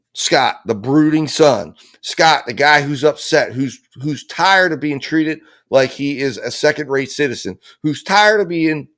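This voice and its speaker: A man's voice: a little high, fairly bright tone. A man giving impassioned legal commentary as host of a true crime analysis show, talking bluntly and emphatically with frequent cursing. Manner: emphatic and blunt, with frequent profanity and repeated phrases.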